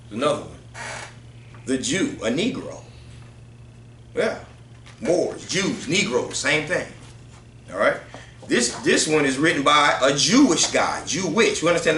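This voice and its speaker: Male study leader, casual and conversational, keeps asking the room "right?", bright voice in an echoey space. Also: mid-range voice, slight background noise. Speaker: teacher leading a group study. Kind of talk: religious group study, reading aloud from books.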